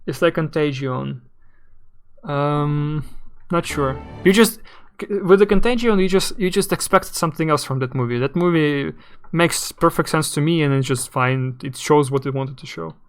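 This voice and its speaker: Brief: young male streamer, fairly high and smooth voice, rambling and halting. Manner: rambling, halting, searching for words. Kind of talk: casual live game commentary.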